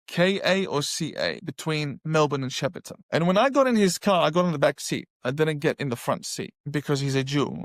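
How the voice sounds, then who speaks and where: A man telling his personal testimony in an animated storytelling way, repeating phrases for emphasis. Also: a little high, no echo, studio quality. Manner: animated, acts out his own past reactions; emphatic repetition. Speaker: guest sharing a conversion testimony.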